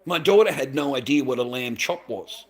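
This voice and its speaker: A man's voice: mid-range voice, expressive, normal speed. An Australian man and father ranting to camera in a heated, swearing monologue, calling the listener mate. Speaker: vlogger, father.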